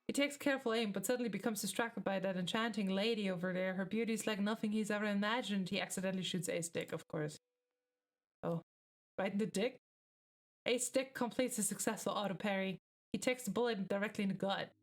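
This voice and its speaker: A woman streamer casually reading a webcomic aloud, breaking off now and then to laugh and react with swearing. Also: mid-range voice.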